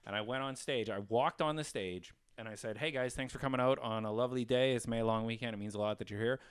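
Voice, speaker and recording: A man hosting a comedy podcast, originally from Canada, telling animated stories and acting out hecklers in casual chat. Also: mid-range voice, fast, clear, resonant tone. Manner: animated storyteller, acts out hecklers.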